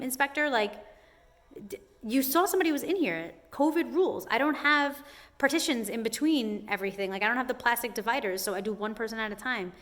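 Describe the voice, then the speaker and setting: Young woman, salon owner, casual storytime, filler-heavy, animated. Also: fairly high pitch. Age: young adult. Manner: chatty, says "like" constantly, animated retelling.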